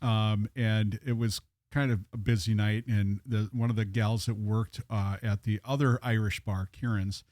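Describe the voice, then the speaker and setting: A man's voice: on the low side, steady tone, moderate pace, few pauses, a little mellow, no echo. Male co-host, casual storyteller, chatty and loose, dry studio mic. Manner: rambling storyteller, many fillers. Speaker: podcast co-host. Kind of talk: casual chat.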